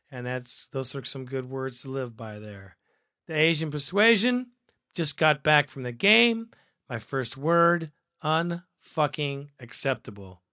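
Loud bright guy ranting on his fan podcast, cussing a lot, dry close mic. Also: on the high side, clear, resonant tone, no echo. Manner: profane, excitable, laughs often. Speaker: podcast host reading fan comments. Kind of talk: casual podcast commentary.

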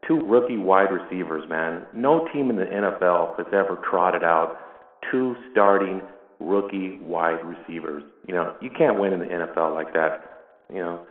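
A very deep-voiced man rants with exasperation about his team as a caller. He comes through a tinny phone line with a roomy echo and a long reverb tail. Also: moderate pace. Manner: exasperated, complaining. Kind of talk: frustrated fan rant.

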